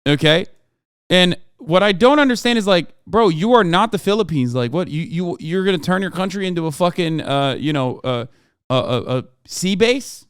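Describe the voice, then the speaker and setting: Excitable, profane man reacting to news. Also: sits high, moderate pace, clean tone, dry recording, clean studio sound. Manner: profane, excitable, laughing asides. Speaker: streamer host reacting to news. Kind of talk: casual live-stream reaction commentary.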